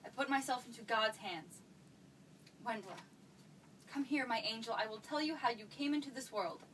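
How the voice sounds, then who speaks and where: A woman's voice: a little high, moderate pace, a bit bright, close to an everyday voice. An actress playing an anxious, evasive mother who keeps dodging her teenage daughter's questions, recorded from a distance. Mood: flustered. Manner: fretful, evasive, pleading. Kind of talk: stage play acting. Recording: distant mic with faint noise.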